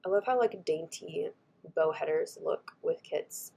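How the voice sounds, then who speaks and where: A woman, chatting warmly and gushing as she walks through her planner stickers, her voice a little scratchy from a cold. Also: low voice, unhurried, gravelly, breathy edge. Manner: gushing, chatty, frequent soft asides. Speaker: planner vlogger. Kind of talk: casual chat over a craft video.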